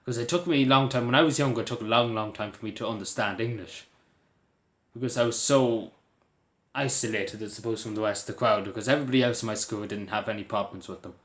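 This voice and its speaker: A man's voice: fairly low pitch, fast, reverberant. A man with an Irish accent talking earnestly to camera in a rambling, casual way, full of fillers and restarts. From Ireland. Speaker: vlogger.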